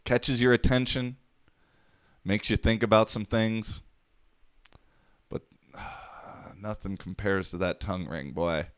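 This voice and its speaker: A man's voice: on the low side, fairly even intonation, takes it slowly, long pauses, smooth, dry recording, clean studio sound. A man hosting his own podcast, talking alone in a rambling, profane, wisecracking way. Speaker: podcast host. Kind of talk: casual solo podcast monologue.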